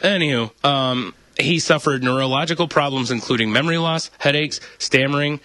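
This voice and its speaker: Bright-voiced crude podcast host. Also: male voice, mid-range voice, fairly quick, dry recording. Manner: joking, crude, laughs often. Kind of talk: crude comedic news chat.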